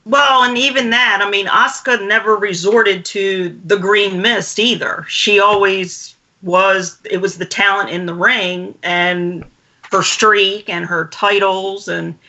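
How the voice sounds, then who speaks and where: A chatty co-host talks through wrestling storylines in a casual show. The voice is bright and sharp-edged. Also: mid-range voice, fairly even intonation, slow, dull audio. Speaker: podcast co-host.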